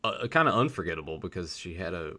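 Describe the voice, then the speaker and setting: A man co-hosting a podcast, chatting casually about a movie in a hesitant, halting way. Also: low-pitched, very animated, sharp tone. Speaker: podcast co-host.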